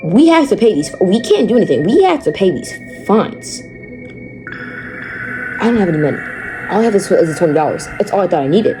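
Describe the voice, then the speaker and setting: A teenage girl telling a story on her vlog, dramatic and animated, repeating words for effect. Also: mid-range voice, fairly quick, pauses often. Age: teens. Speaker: vlogger. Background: background music.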